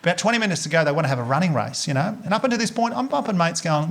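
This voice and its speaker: An Australian man doing stand-up comedy, telling a story with animated delivery, swearing and acting out the other characters. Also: racing, hardly any pauses. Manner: animated, swearing, acts out voices with big pitch jumps. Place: comedy club stage before a laughing audience. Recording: comedy club with audience noise.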